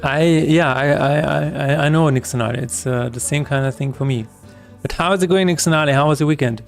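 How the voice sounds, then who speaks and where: A man's voice: a little high, normal speed, gravelly, faint music behind. A man streaming his game development work, talking through each step aloud in a chatty, self-correcting way. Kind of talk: live-streamed coding chat.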